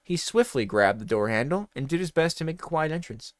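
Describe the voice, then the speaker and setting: A man's voice: a little high, animated, a little fast, no echo, studio quality. A man reading a comedy story aloud in a mock-dramatic voice, breaking off for swearing asides.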